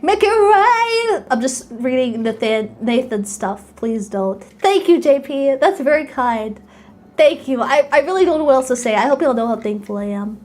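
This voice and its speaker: A young woman streaming live, her voice bright and high, leaping all over the place. She is excitable and quick to squeal or giggle, chatting casually with her audience. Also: faint music behind. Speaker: VTuber streamer.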